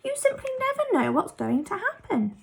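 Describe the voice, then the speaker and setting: Bubbly storybook girl, high and amused, put on by a woman reader. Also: wildly swooping pitch, normal speed, vocal fry, exaggerated voice. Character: cheerful young girl.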